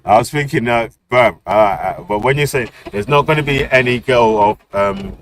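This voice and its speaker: A man's voice: medium pitch, normal speed. A man teasing and interrupting his friend during a casual podcast chat.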